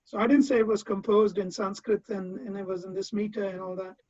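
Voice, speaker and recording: A man pays tribute as a disciple, his high voice flat, a little fast and darkish in tone as he earnestly recounts personal memories and keeps restarting phrases. Dull, dry lo-fi audio, with no room sound.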